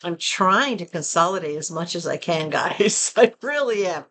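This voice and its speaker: A woman with a Southern American accent chatting casually and expressively to her viewers from home. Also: moderate pace. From Southern United States. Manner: chatty and expressive, rising to animated pitch when excited. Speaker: vlogger. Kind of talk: casual chat.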